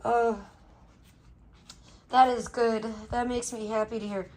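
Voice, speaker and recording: A woman's voice: fairly high pitch, little pitch movement, takes it slowly, pauses often, darkish tone, slight background noise. A middle-aged woman live streamer in casual chat, talking candidly and emotionally to her viewers and swearing freely.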